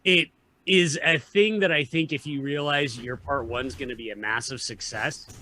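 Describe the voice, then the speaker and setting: A man's voice: mid-range voice, moderate pace, sharp tone, no room sound. A man co-hosting a podcast, working through arguments about films in a casual way, with occasional swearing. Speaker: podcast co-host. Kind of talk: casual film discussion.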